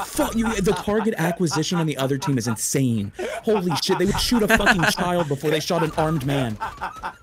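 A woman gaming with friends, crude and sweary, laughing at the chaos. Her voice sits very low but moves a lot in pitch, with a busy murmur of voices behind her. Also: lively intonation, a little fast, crowd noise. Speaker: gamer friend. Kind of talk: casual gaming chat.

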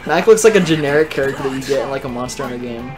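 A man's voice: mid-range voice, racing. A man playing a boxing game and casually explaining its moves with enthusiasm. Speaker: gaming host, player. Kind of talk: casual gameplay commentary. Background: game music.

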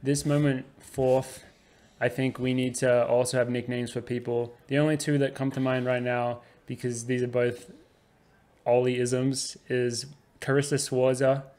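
A man's voice: medium pitch, flat delivery, a little slow, darkish tone. A young man co-hosting a podcast, chatting casually with upbeat, teasing banter. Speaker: podcast co-host. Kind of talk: casual chat.

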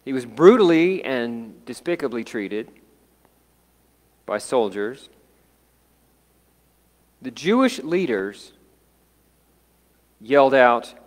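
A man delivers a sermon in a deliberate, unhurried way. His voice swells and then sinks to near quiet. A long reverb from a church sanctuary trails behind every phrase. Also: mid-range voice. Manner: slow, dramatic, dropping to hushed tones. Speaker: pastor.

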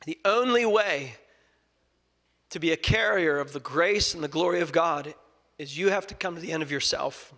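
A young man preaching a sermon, earnest, moving between loud emphasis and soft scripture reading. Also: a little high, normal speed. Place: church sanctuary. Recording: long reverb of a large hall.

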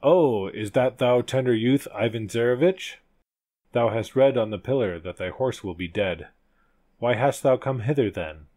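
A man voicing an old grey wolf, a gruff but kindly talking beast in a storybook, who speaks in solemn archaic phrases. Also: medium pitch, normal speed, warm tone, natural voice. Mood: reproachful.

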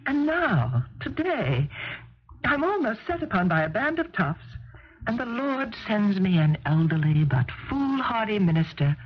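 A gracious, clever young bride in a vintage radio drama. Her voice swings lively up and down, and her manner is gracious and lilting. The broadcast sound is muffled, with faint hiss. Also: medium pitch, measured pace. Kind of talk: 1970s radio drama acting.

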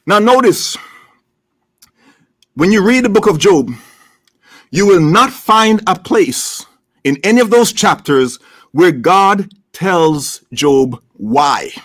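High-voiced, slow-preaching man delivering a sermon. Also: animated, fairly bright tone. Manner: preaching with rising, emphatic repetition. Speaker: pastor. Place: church.

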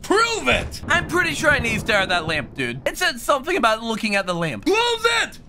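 High, animated young man yelling at a game. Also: fast talker, a little hiss or hum. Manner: jumpy, screams at scares, jokey banter. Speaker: gaming streamer. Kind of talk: horror game let's play commentary.

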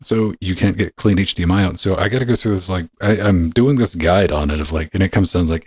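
A man hosting a podcast, his voice deep with a husky, rough edge. He talks in loose, profane rambles and now and then jumps way up in pitch. The sound is dry and close. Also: fast, hardly any pauses, a little mellow, no echo. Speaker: podcast host. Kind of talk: casual podcast banter.

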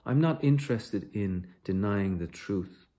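A man with a low voice reading the part of a tired, patient male traveller who answers an interrogation calmly and quietly. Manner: calm, quiet, measured answers.

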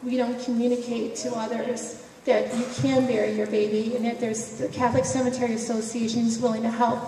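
A woman with a fairly high, mellow voice gives an emotional personal testimony in a conversational way, often laughing between phrases. She is heard from a distance in a large, reverberant hall, with faint noise behind her. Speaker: speaker sharing a personal story. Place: event hall.

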